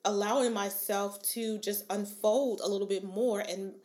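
A woman's voice: medium pitch, fairly even intonation, unhurried, a little mellow. A young adult woman hosting a solo podcast, chatting casually and rambling with asides to her listeners. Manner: frequent fillers and restarts, laughs often. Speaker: podcast host.

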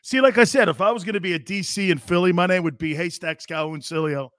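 A man's voice: sits high, quick pace, few pauses, a bit bright, no room sound, clean studio sound. A man hosting a live football talk show, blunt and sarcastic, mocking coach-speak and swearing casually. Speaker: sports talk show host. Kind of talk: live sports talk monologue.

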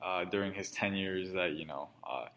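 A man with a fairly low voice hosts a relaxed sports podcast. He rambles a little, circling back with fillers as he talks things through. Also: a little fast. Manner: loose, rambling, with many fillers. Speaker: podcast host. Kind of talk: casual sports podcast chat.

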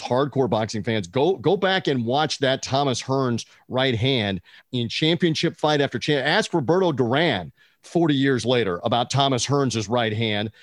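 A man's voice: mid-range voice, no room sound, clean studio sound. A man hosting a podcast, telling stories in an enthusiastic, rambling casual chat. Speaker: podcast host.

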